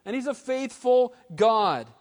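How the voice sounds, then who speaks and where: A man preaching a sermon as pastor, animated and conversational, with casual slang. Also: extremely high pitch, unhurried. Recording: long hall reverb.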